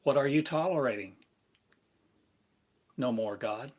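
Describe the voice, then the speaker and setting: A man giving a meditative spiritual lesson, speaking in slow, repetitive, incantatory phrases. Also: medium pitch. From United States. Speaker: spiritual teacher.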